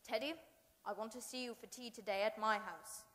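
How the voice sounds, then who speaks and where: A woman doing a gentle old parson. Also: fairly even intonation, natural voice. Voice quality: soft, lowered and measured. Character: kindly old male parson, calm and gentle. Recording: reverberant hall.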